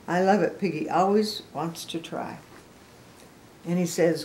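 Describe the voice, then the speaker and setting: A woman's voice: on the low side, unhurried, mellow, roomy sound. An older woman, a grandmother, reading a picture book aloud to children on video, chatty and asking them questions. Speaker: storybook reader.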